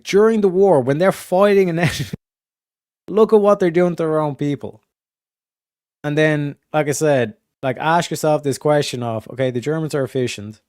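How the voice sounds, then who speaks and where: A man streaming a casual, rambling monologue, swearing constantly and full of fillers and restarts, going from emphatic to low muttered asides. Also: darkish tone, no echo, clean studio sound. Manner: profane, filler-heavy, restarts often. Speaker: streamer hosting a study session.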